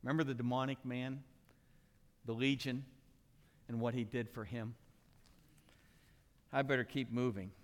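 A man preaching an animated sermon, dramatically acting out the characters in his story with sudden shouts and hushed asides. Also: medium pitch, unhurried, long pauses, long reverb tail. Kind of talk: animated sermon with acted-out voices.

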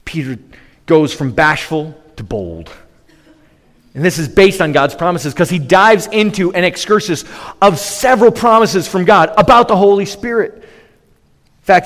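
Male pastor, sermon, emphatic delivery, slightly high voice, long hall reverb. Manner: emphatic preaching with sudden raised bursts.

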